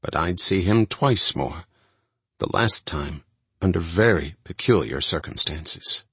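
A man narrating a first-person true-crime audiobook in a steady, measured reading. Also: sits low, slightly rough, no room sound.

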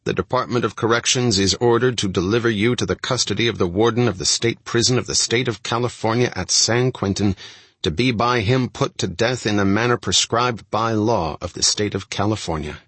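A man's voice: fairly low pitch, fairly quick, a bit bright, slightly rough, dry recording. A man reading as a grave, solemn judge. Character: grave older male judge passing sentence.

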